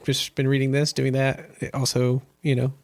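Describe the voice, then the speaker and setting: Brief: man co-host, mid pitch, easygoing chat, dry close sound. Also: normal speed, dry recording. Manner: relaxed, laid-back, laughs easily. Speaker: podcast co-host. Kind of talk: casual chat.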